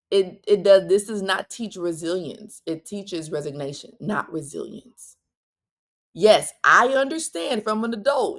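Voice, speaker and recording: A woman's voice: on the low side, animated, a bit bright. Direct, preachy woman podcast host. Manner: direct, preachy, quick asides and restarts. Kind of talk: solo podcast talk.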